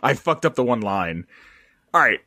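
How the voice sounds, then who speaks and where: A man's voice: mid-range voice, big pitch swings, moderate pace, bright, forceful tone. A man co-hosting a casual gaming lore podcast, rambling and swearing, with stumbling restarts. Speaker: podcast co-host.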